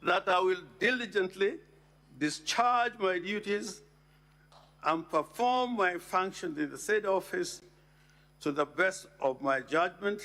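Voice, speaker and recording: A man argues a legal case in a formal chamber. His voice is high and gravelly, and he speaks very slowly, pausing to stress key words. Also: pushed and bright. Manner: slow, deliberate, emphatic, with pauses and repeated words. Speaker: lawyer addressing the Senate. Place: legislative chamber.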